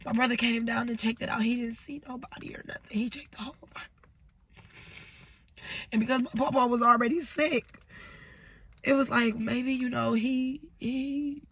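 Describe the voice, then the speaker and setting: Woman vlogger, tearful, gravelly husky voice, halting speech, sudden near-whispers, dry close sound. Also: fairly high pitch, fairly even intonation, fairly bright tone, no room sound. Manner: halting, breaks off, drops to whispers. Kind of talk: emotional personal vlog.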